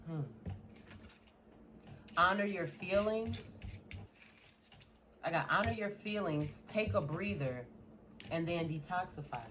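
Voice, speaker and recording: A woman giving a casual tarot reading in a blunt, profane, animated way. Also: fairly low pitch, normal speed, slight background noise. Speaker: tarot reader.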